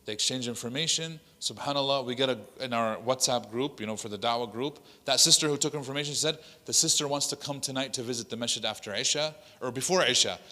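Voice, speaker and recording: Male imam leading a workshop; bright, lively storyteller who voices each side of the exchange; long reverb of a mosque hall. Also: mid-range voice. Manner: animated storyteller acting out dialogue.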